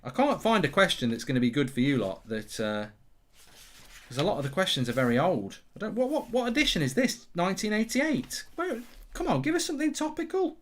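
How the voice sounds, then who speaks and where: A man's voice: high voice, very animated, fairly quick, fairly bright tone. A man hosting a football watchalong live stream, rambling and sarcastic, with bursts of swearing and singing along. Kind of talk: casual live-stream chat.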